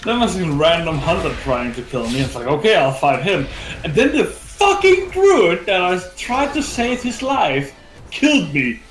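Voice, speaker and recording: A man's voice: high-pitched, big pitch swings, normal speed. A man telling a gaming story in casual chat, rambling and swearing, with lots of filler words. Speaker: gaming streamer. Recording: echoey room with faint game music.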